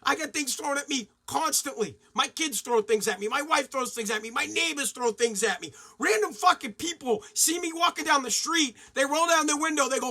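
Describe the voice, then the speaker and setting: High bright-voiced ranting man. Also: expressive, moderate pace. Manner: heated, swearing, loud bursts of indignation. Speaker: podcast host. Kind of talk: profane ranting monologue.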